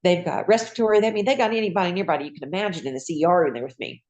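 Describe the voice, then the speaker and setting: A woman, a retired nurse, telling her own patient story in a lively, folksy conversational way. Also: lowish voice, racing. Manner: lively, acts out voices in quoted dialogue. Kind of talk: personal storytelling.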